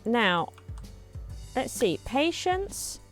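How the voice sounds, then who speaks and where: A woman hosting a let's play, chatting casually and thinking aloud as she builds, her voice slightly hoarse. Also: fairly high pitch, sing-song, drawn-out words, faint music behind. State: slightly hoarse, clearing throat. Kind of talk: casual gameplay commentary.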